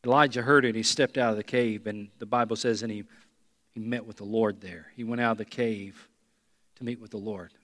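With a fairly quick pace and a low-leaning, steady, slightly bright voice, this pastor preaches in a church sanctuary where the sound fills a big room. Earnest and emphatic, he repeats key lines and calls on the congregation to answer back in call and response.

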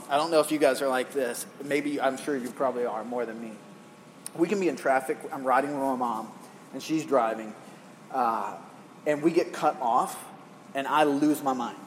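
A middle-aged man preaching a conversational sermon, telling stories and asking the congregation rhetorical questions from a stage mic. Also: mid-range voice. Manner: animated, storytelling, rhetorical questions to the crowd. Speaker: pastor. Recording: long hall reverb, faint background noise.

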